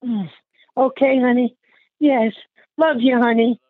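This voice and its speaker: A woman's voice: a little high, fairly even intonation, unhurried, no echo. An older woman, short of breath, chatting affectionately in an interview and calling the listener honey. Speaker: interviewee, aunt. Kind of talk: casual phone chat. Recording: tinny phone line, dry.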